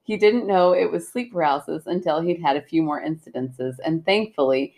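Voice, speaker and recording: A woman co-hosting a podcast, chatting casually and telling a listener's story with lively, laughing delivery. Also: fairly quick. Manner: animated storytelling, laughs often, jumps high when acting out quotes. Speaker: podcast co-host.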